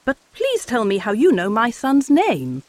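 A man's voice: very high-pitched, huge pitch swings, measured pace, darkish tone, no echo, voice pushed up, heavily acted. A man voicing a proper middle-aged mother, prim and firm in a storybook reading.

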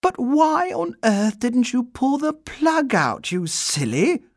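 A man's voice: very high voice, wildly swooping pitch, takes it slowly, dry recording, studio quality, pitched above the performer's own voice, full character voice. A man voicing a bossy, caring young girl in a storybook reading, urgent and scolding.

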